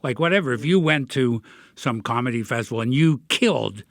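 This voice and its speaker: A man's voice: mid-range voice, animated, fairly quick, no echo. Reflective middle-aged man hosting a podcast. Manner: reflective, self-deprecating. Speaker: podcast host. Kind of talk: casual podcast chat.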